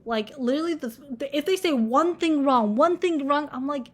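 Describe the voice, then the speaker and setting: A woman's voice: high voice, moderate pace, hardly any pauses. A young woman in college ranting casually to camera, blunt and full of swearing and filler words. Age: young adult. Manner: blunt, swears a lot, many filler likes. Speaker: vlogger.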